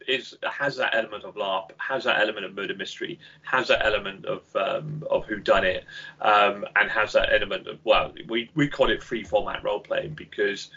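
A man talking as a podcast guest, an animated storyteller who laughs while telling anecdotes, on a dull lo-fi recording. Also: on the low side, breathy edge. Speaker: game company founder, podcast guest. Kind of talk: casual podcast conversation.

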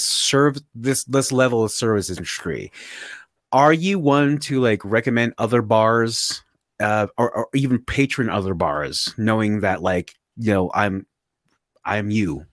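A man co-hosting a casual podcast chat, asking questions in a halting way full of fillers. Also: lowish voice, animated, no echo, studio quality.

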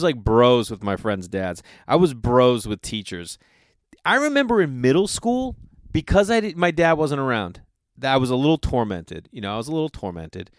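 A man in his thirties hosts his own comedy podcast in a casual storytelling monologue. He speaks loosely and with plenty of profanity, and he acts out the people he quotes. His voice sits at an ordinary pitch, and the recording is close and dry. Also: no echo.

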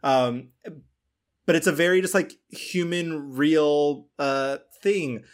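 Speaking slowly in a voice on the high side, this man hosts a film podcast. The chat is loose and rambling, peppered with fillers, restarts and offhand swearing.

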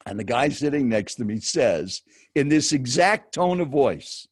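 A man in his seventies, a professional speaker and guest, telling a story with dramatic pauses and speaking directly to the host. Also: mid-range voice, very animated, husky, no room sound, clean studio sound. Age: 70s. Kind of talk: animated storytelling.

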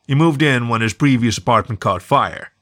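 A man's voice: mid-range voice, moderate pace, fairly bright tone, natural voice. A man voicing a friendly bear who talks in a plain, good-humored way. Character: friendly male bear, easygoing.

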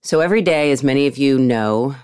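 A woman's voice: extremely low pitch, a little fast, darkish tone, clean tone, dry recording, clean studio sound. A middle-aged woman from the United States hosting a podcast, telling a story in an upbeat way. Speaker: podcast host.

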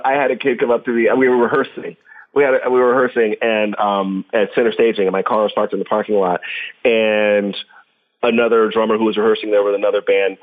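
A man's voice: fairly low pitch, narrow, tinny audio. A man chatting as a guest on a podcast, telling stories with lots of laughter. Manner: animated storyteller, laughs often. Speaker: podcast guest, professional drummer. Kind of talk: casual interview chat.

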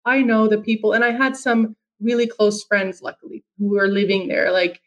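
A woman's voice: medium pitch, steady tone, normal speed, rough recording. A woman from Finland telling a personal story as an interview guest, earnest, with frequent restarts and fillers.

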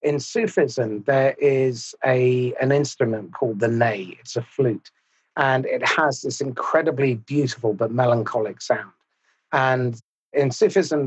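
A man hosting a podcast, talking in a measured, thoughtful and slightly formal way. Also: medium pitch, slightly rough, muffled recording. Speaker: podcast host. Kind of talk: reflective interview talk.

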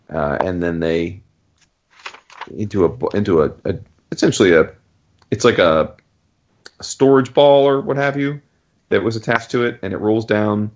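A man's voice: low-pitched, normal speed, long pauses, lo-fi sound. A man in casual chat, animatedly recapping a story and swearing freely. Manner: animated, acts out characters' lines in jumping voices, profane.

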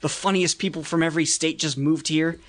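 Male stand-up guest, slightly high voice, rambling and frank. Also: fairly even intonation. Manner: rambling, halting, frank complaints. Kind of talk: casual chat.

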